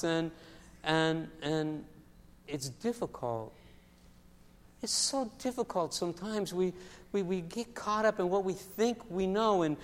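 A man preaching a sermon as pastor, telling stories in a lively way and often repeating his words. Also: high voice. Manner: storytelling, animated with acted voices, repeats words. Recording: long hall reverb.

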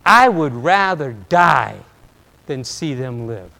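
A preacher voicing an indignant angry prophet. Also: male voice, medium pitch, very animated, takes it slowly, gravelly, bright, forceful tone, pitched below the performer's own voice, full character voice. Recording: long reverb of a large hall.

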